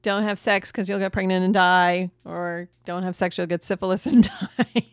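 A woman's voice: on the low side, moderate pace, clean tone, no echo. Woman talking movies with a friend, lots of ums, dry close sound. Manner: relaxed, frequent ums, laughs easily. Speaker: podcast co-host. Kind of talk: casual movie review chat.

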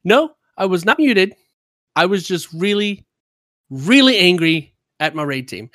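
A man's voice: sits high, sing-song, unhurried, bright, forceful tone, no echo. A man who streams games, telling a story in casual podcast chat, talkative and worked up. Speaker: streamer and gamer.

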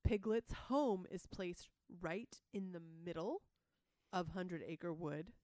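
A woman's voice: lowish voice, takes it slowly, dark tone, no room sound. A woman co-hosting a podcast in casual chat, explaining her thinking in a thoughtful, analytical way. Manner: thoughtful, analytical, reads quotes aloud. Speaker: podcast co-host.

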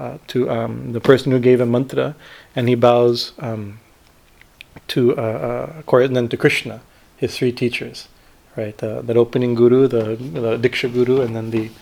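A man teaching scripture in a spiritual discourse, retelling a story with many pauses and fillers and checking in with "right?". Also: mid-range voice, creaky, darkish tone. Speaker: swami teacher.

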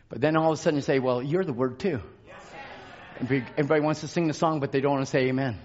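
A man preaching a fervent sermon in a church, shouting and calling out to the congregation. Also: fairly high pitch, fast talker, dull audio. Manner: shouting, call-and-response exhortation. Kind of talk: fervent Pentecostal-style sermon. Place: church sanctuary.

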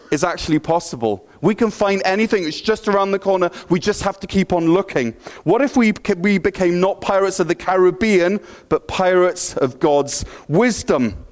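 A man preaching a sermon in an energetic, playful, conversational way. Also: sits high. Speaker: pastor.

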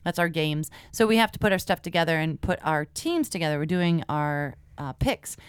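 Clear-voiced woman co-hosting a chat. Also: low voice, animated, moderate pace, no room sound, studio quality. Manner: chatty, storytelling with laughs. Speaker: podcast co-host. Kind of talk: casual movie chat.

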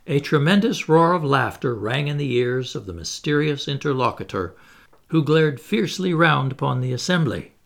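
Man narrating with a gravelly voice. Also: medium pitch. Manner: measured, expressive reading. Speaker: audiobook reader. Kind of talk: scripted narration of a classic novel.

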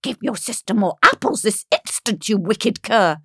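A woman's voice: medium pitch, sing-song, normal speed, bright, forceful tone, husky, no echo, clean studio sound, heavily acted. A woman voicing a cruel stepmother who screams threats in a storybook reading. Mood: angry. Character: cruel wicked stepmother, harsh and violent.

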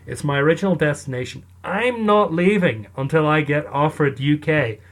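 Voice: medium pitch, normal speed, close to an everyday voice. A storyteller voicing a stubborn man stranded at an airport, insisting and indignant. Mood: insistent.

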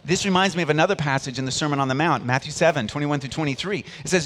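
A middle-aged male pastor preaches a sermon in a fairly high-pitched voice, talking very fast with few pauses. His volume rises and drops sharply, and he trades call-and-response with the congregation.

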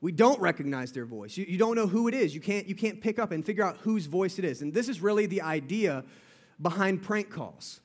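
A young youth pastor gives a playful, chatty sermon before a live audience, repeating himself and calling out "guys" again and again. His voice sits high, animated and a little fast.

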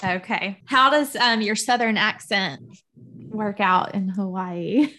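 A woman's voice: mid-range voice, takes it slowly, sharp tone. A woman hosting an interview, asking friendly questions in a casual chat and laughing along. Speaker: host.

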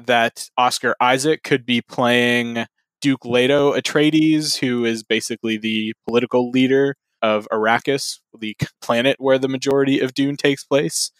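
A man co-hosting a casual podcast, relaxed and swearing freely, chuckling often between news items. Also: mid-range voice, moderate pace, clear, resonant tone, no echo. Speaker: podcast co-host.

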